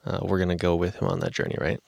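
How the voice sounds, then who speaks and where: A man co-hosting a Bible podcast, his voice very low with a gravelly edge. He steers the talk with plain prompts and fillers. The sound is close and dry on a studio mic. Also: very animated, racing, a little mellow, dry recording. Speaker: podcast co-host.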